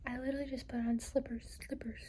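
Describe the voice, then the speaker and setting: Talking at a quick pace, a young woman vlogger has a warm voice on the high side with little pitch movement, and the low-quality recording carries a little hiss or hum. In her casual personal vlog she rambles, saying "like" and "you know" a lot, and tries to hold back tears.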